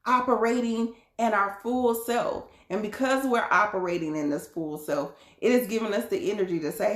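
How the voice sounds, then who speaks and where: A tarot card reader does a casual live reading in an echoey room, her mid-range voice unhurried. She's chatty and laughs often, calling her viewers y'all and beloved.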